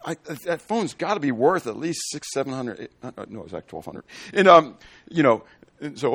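A man teaching a sermon with a slightly high, very lively voice that jumps around in pitch. He asks the room questions and acts out small everyday scenes to make his point. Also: quick pace, vocal fry. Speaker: preacher.

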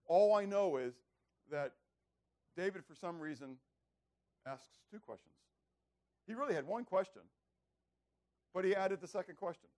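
A man's voice: high-pitched, lively intonation, moderate pace, long pauses, a little mellow. A man preaching a bible lesson, asking rhetorical questions and acting out characters. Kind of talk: bible teaching sermon.

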